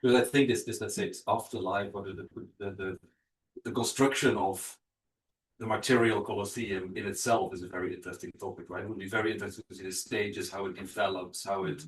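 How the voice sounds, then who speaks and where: A man's voice: on the low side, fairly even intonation, fairly quick. A man moderating an academic Q&A, hesitant and full of fillers and restarts as he builds his question. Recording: distant mic.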